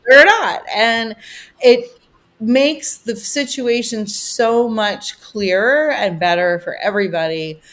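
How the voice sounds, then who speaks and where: Woman guest on a podcast, rambly and chatty, animated when she retells stuff. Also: on the high side, slow pace. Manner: chatty, rambling, heavy use of "you know". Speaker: podcast guest, vacation rental owner. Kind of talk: casual conversation.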